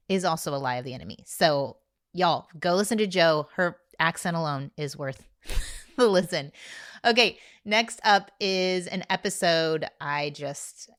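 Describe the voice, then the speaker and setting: Low-voiced host. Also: female voice, a little slow, no echo, studio quality. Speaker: podcast host. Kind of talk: podcast commentary.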